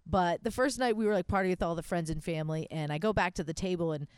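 A woman's voice: on the low side, quick pace, clean tone, no echo. A woman in her thirties co-hosting a podcast, telling stories in casual chat and acting out what people said. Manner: animated storyteller, acts out quotes. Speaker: podcast co-host.

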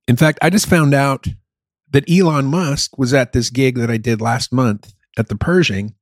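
A man's voice: medium pitch, moderate pace, dry recording, studio quality. Candid, swearing man in casual chat. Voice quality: candid, profane, self-mocking. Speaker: musician who plays gigs.

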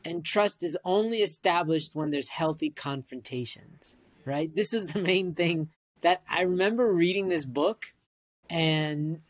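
A Canadian man in his forties, chatting casually and telling animated stories as host, with lots of "like" and "right?". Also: on the high side, unhurried. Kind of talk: casual chat.

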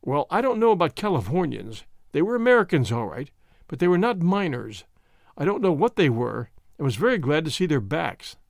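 A man's voice: a little high, very animated, fairly quick, creaky, dry recording, clean studio sound. A man reading an audiobook, voicing a guarded man who answers questions plainly and defensively. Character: guarded, broad-shouldered male friend under questioning.

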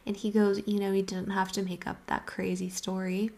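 A young woman casually telling a funny story, chatty and animated, often dropping to a whisper. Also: medium pitch, normal speed.

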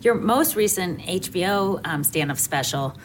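A woman hosting a casual interview, enthusiastic and quick to laugh. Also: fairly low pitch, lively intonation. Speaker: interviewer host. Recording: faint background noise.

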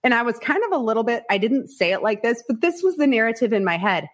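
Frank, animated woman telling her story. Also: fairly high pitch, fast talker. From Iowa, United States. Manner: frank, animated, acts out quotes, swears, laughs often. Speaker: podcast guest. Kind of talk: candid storytelling interview.

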